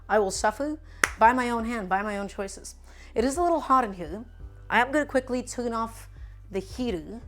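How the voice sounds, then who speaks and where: A young woman chatting casually as she cooks live in her home kitchen, answering viewers' questions with a playful, joking manner. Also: on the high side. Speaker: cooking streamer. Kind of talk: casual live-stream cooking chat.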